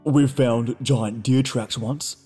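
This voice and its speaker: A man voicing an easygoing, unbothered young man who speaks slowly and relaxed. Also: mid-range voice, husky, faint music behind. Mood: laid-back.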